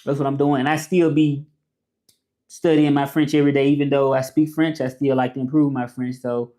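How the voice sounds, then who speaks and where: A man's voice: mid-range voice, level tone, fairly quick, dark tone. Chatty Southern man live-streaming. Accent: Southern American. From American South. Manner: loose and chatty, drops short French phrases and translates them; greets chat viewers by name. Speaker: vlogger live-streaming to followers. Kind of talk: casual live-stream chat.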